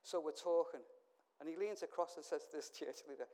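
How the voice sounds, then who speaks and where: A man's voice: fairly high pitch, a little fast, a little mellow. A man, a pastor, telling stories in a sermon. He acts out the dialogue and drops in self-mocking asides. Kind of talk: storytelling sermon.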